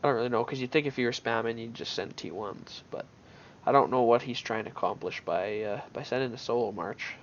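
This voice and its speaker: A man's voice: mid-range voice, brisk, few pauses, lo-fi sound, slight background noise. A man giving casual gameplay commentary on his own match, thinking aloud in an offhand way with many restarts.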